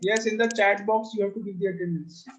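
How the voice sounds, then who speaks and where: A man's voice: sits high, fairly even intonation, quick pace. A man teaching an online maths class to children, explaining patiently step by step over a video call. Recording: roomy, dull lo-fi call audio.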